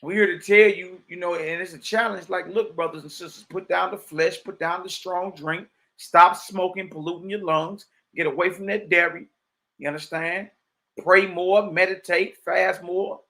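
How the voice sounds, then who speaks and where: A man's voice: high-pitched, steady tone, normal speed, pushed and bright. A man giving a livestreamed religious teaching, preaching emphatically in a streetwise way and reading old texts aloud. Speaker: Bible teacher.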